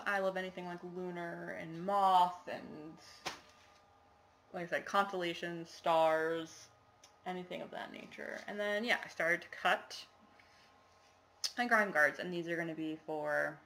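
A woman's voice: fairly low pitch, measured pace, fairly bright tone. A woman chatting casually to the camera in a show-and-tell video, rambling with lots of fillers and apologies. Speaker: cross-stitch vlogger.

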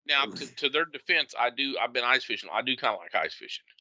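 A man's voice: medium pitch, lively intonation, quick pace, pushed and bright, no echo, highs cut off. A man co-hosting a podcast, chatting casually and telling wry, joking stories. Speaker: podcast co-host. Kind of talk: casual chat.

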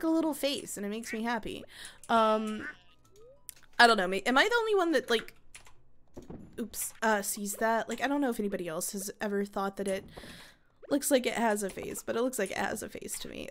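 A young woman with a high, lively voice chats through her farming game. She giggles often and gets excited easily. She talks to her viewers like close friends. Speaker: gaming video host. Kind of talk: casual gameplay commentary.

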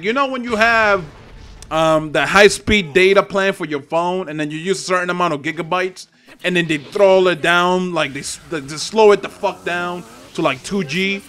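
A man's voice: sits high, moderate pace, sharp tone. A young man giving profane, trash-talking commentary over online gameplay at home. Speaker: gaming channel host. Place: home apartment with neighbors upstairs.

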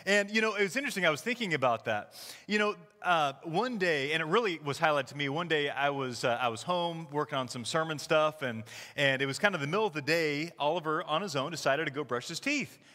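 Man, sermon, conversational, slightly high voice, reverberant sanctuary. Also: a little fast. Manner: conversational, storytelling with animated quoted voices. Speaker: pastor. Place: church sanctuary. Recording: long hall reverb.

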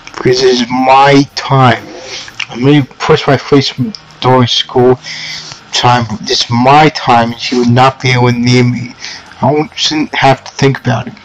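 A man voicing a sullen, hostile teenage boy in a dating game, speaking with sarcastic disgust in a gravelly voice. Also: medium pitch, little pitch movement, normal speed, natural voice, poor audio.

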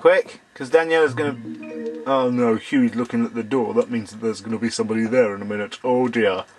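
A man doing let's-play commentary, excitable, swearing at the game and talking to its characters, and a bit hoarse as he loses his voice. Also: mid-range voice, a little fast, slight background noise. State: losing his voice. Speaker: let's player. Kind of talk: gameplay commentary.

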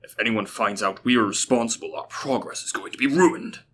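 A man's voice: mid-range voice, brisk, fairly bright tone, breathy edge. A man voicing a frantic, self-serving male scientist who pleads in a raised voice. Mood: pleading.

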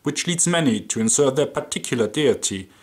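A man's voice: mid-range voice, expressive, brisk. A man with a German accent delivering dry, sarcastic scripted commentary.

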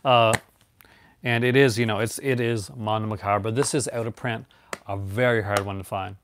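A man's voice: fairly low pitch, steady tone, normal speed, a little hiss or hum. A man hosting a casual, rambling chat about his movie collection, laughing often.

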